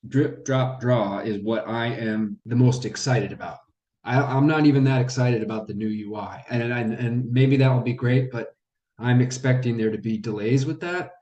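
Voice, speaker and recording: A man chats loosely to camera and jokes his way through his points, like a relaxed vlogger. His voice sits at an ordinary pitch for a man. The room around him rings with noticeable echo. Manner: chatty, loose and joking. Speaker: crypto vlogger. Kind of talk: casual chat to camera.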